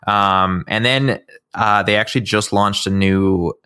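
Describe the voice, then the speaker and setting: A man's voice: on the low side, steady tone, a little slow, sharp tone, clear, resonant tone, dry recording, studio quality. A man co-hosting a gaming podcast, chatty with stumbling restarts. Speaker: podcast co-host. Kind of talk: casual gaming podcast chat.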